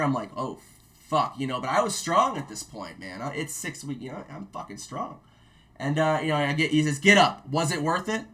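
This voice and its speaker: A man and army veteran, a guest telling stories in casual chat, profane and animated, mimicking shouted orders as he goes. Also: mid-range voice. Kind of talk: casual storytelling.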